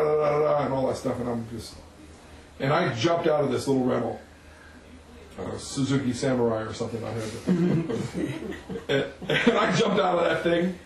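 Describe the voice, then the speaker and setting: A man preaches by telling a story, animated and chuckling as he goes. His voice sits a bit high for a man. He is picked up from a distance in an echoey room. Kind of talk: sermon storytelling.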